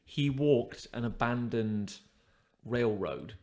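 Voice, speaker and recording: Guy chatting on a podcast, rambles, lots of likes and ums, middle pitch. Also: slow, vocal fry. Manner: rambling, animated storytelling with many fillers. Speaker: podcast co-host. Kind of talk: casual chat.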